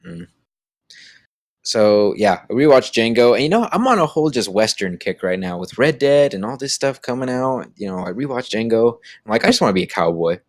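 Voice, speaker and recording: A man's voice: mid-range voice, lively intonation, normal speed, dry recording. A man co-hosting a casual podcast, rambling along with lots of fillers and restarts. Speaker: podcast co-host. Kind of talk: casual chat.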